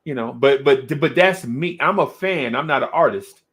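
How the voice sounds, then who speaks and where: A man's voice: medium pitch, normal speed, fairly bright tone. A man hosting a casual chat, rambling and slangy, with lots of restarts. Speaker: host.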